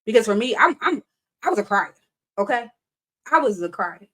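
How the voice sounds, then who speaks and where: A woman's voice: on the high side, big pitch swings, normal speed, a bit bright. A young adult woman hosting a casual live-stream chat, talking animatedly, laughing often and reading viewer comments aloud. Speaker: live show host.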